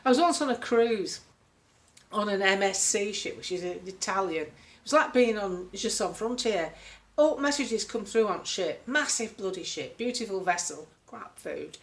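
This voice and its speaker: A woman's voice: medium pitch, lively intonation, moderate pace. An older woman telling a story in a blunt, chatty way, now and then putting on voices. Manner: blunt, chatty, swears lightly, acts out voices. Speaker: political commentary vlogger. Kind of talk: casual storytelling monologue.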